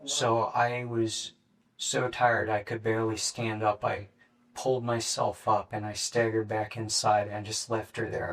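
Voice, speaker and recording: A young man in his late teens gives a police interrogation statement in a flat, matter-of-fact way, halting with fillers. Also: lowish voice. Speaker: murder suspect being interrogated. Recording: distant mic in an interrogation room.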